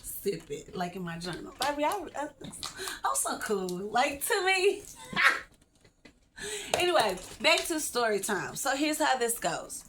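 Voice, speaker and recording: Woman, casual storytime vlog, high voice, talks straight to viewers. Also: a little slow, pauses often, background noise. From Texas, USA. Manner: animated, chatty, laughs often, addresses viewers directly. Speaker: vlogger.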